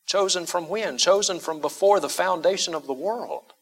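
A man's voice: high voice, moderate pace, slightly rough. A man preaching a sermon as pastor, emphatic, repeating key phrases and asking his listeners rhetorical questions. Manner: asks the congregation rhetorical questions.

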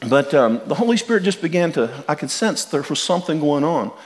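A man's voice: fairly high pitch, sing-song, a little fast. A middle-aged man preaching a sermon as pastor, earnest and direct, often repeating and restarting his words as he speaks to the congregation. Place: church sanctuary. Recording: long hall reverb.

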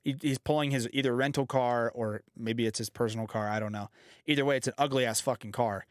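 A man hosting a casual podcast chat, ranting with lots of profanity and lively swings. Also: mid-range voice, fast talker, dry recording, clean studio sound. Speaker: podcast host.

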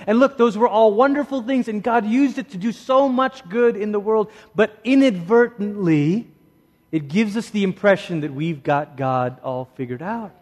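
Animated preacher man in a reverberant hall. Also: sits high, moderate pace. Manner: animated, conversational, shifts between lively asides and hushed emphasis. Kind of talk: sermon.

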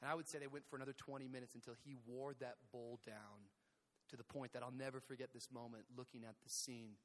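A man preaching a sermon, telling a story in an animated way, acting out scenes with shouts and sound effects. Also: medium pitch, fast talker. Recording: long hall reverb.

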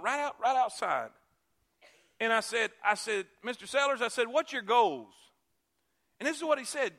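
A male pastor with a high voice preaches a sermon, repeating key phrases. He swings between loud emphasis and hushed asides.

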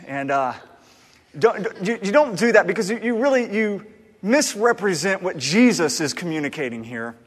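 A male pastor with a somewhat raised pitch delivers a sermon in a loose, conversational way, often stumbling and restarting his sentences. His voice carries a long reverb, as if he were speaking in a large hall. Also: normal speed, breathy edge. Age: adult, married. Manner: conversational, animated, with frequent restarts.

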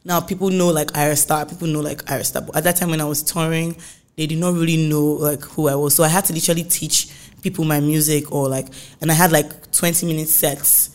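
A woman's voice: low-pitched, brisk. Chatty young Nigerian woman. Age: young adult. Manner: chatty, animated, full of "like" fillers. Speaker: singer, podcast guest. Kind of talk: casual interview chat.

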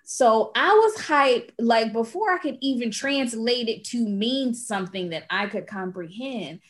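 A young adult woman chatting casually as a podcast guest, telling lively stories and acting out what people said. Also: fairly high pitch, measured pace. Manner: animated storyteller acting out quoted voices. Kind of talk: casual chat.

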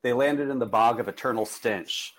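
Halting man in a podcast chat. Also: mid-range voice, low-quality recording. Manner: halting, self-correcting. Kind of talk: casual chat.

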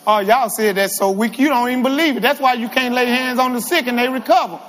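Preacher, man, very high voice, lively call-and-response delivery, long church-hall reverb. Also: fast talker. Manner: animated, calls to the congregation. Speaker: guest preacher. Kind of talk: sermon.

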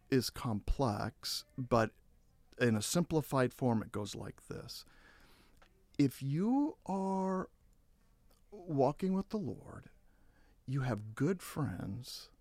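A man speaking as a guest counselor on a podcast, giving relationship advice and acting out quoted voices with big jumps in pitch. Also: a little mellow, no room sound.

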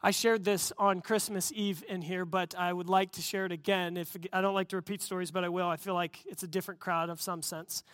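Bright-voiced earnest male pastor. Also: sits high, fairly quick, few pauses, dry recording, clean studio sound. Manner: earnest storytelling preacher, rising to excited emphasis. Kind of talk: sermon.

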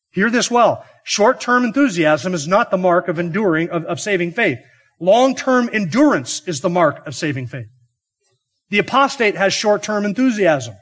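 A man's voice: high voice, a bit bright. A man preaching an expository sermon, earnest and emphatic, asking the listeners rhetorical questions. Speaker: pastor.

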